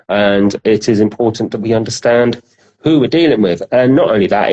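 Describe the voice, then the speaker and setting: A man's voice: fairly low pitch, dark tone, slightly rough, dull audio. A man co-hosting a casual podcast, chatty and casually swearing. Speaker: podcast co-host.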